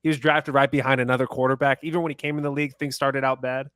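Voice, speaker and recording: Man, podcast co-host, fast talker, dry sound. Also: medium pitch, flat delivery, fairly bright tone, smooth, no room sound. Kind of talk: casual sports chat.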